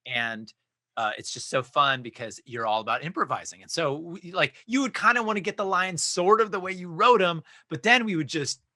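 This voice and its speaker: A man who acts and teaches improv, a guest on a casual podcast, telling stories in a lively and expressive way. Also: fairly high pitch, fairly quick, dry recording, clean studio sound.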